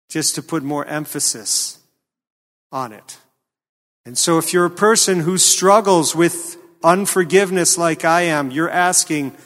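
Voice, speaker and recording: A man preaching a sermon, earnest and questioning, with a slow, emphatic delivery. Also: a little high, a bit bright. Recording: long hall reverb.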